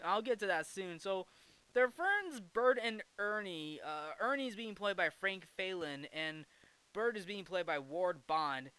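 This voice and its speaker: Bright, crisp-voiced man recapping a film. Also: high-pitched, expressive, measured pace, dry recording. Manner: rambling, restarts and self-corrections; jokey asides. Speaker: movie review host.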